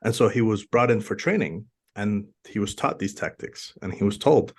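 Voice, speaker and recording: A man's voice: lowish voice, normal speed, vocal fry, hardly any pauses, breathy edge. A man from Afghanistan, a podcast guest in casual conversation, telling emphatic stories and often repeating words as he builds a point.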